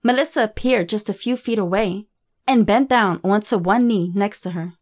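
A woman narrating a horror story in a steady, even storytelling delivery. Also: mid-range voice, normal speed.

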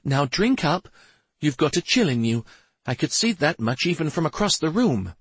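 A small, gentle fairy handmaiden who lives to please, her voice high and tinkling like a chime, as a male narrator puts her on. She speaks softly and coaxingly, with lively rises and falls. It is a storybook reading with a dry, close sound. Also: moderate pace, breathy edge, no echo, heavily acted. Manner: soft and coaxing.

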